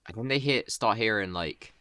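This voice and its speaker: A man with a very low voice that still comes through bright and forceful spins a loose, rambling story. He talks in a casual, laid-back way, full of "like" and "you know." The sound is dry and close. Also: normal speed, dry recording. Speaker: storyteller improvising a tale.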